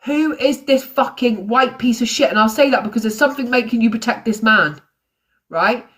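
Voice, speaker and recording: A woman's voice: a little high, normal speed. Angry woman ranting on a livestream. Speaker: true crime host. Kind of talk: live-stream commentary.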